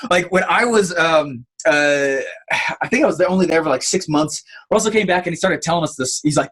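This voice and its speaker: A man giving an online marketing training, telling stories in an animated way with lots of fillers. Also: on the high side, brisk. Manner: animated storytelling with many fillers.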